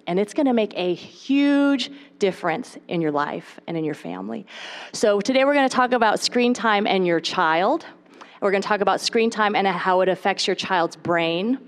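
A woman in her thirties from the United States, giving a live talk to a moms' group from a podium and chatting straight to the audience. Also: mid-range voice. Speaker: speaker at a moms' gathering. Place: stage at a podium.

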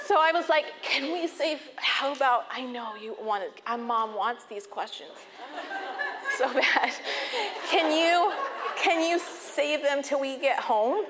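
A woman in her thirties telling funny personal stories in an animated way, laughing often and acting out voices. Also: high voice. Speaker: speaker talking about overwhelm. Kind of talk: personal storytelling talk.

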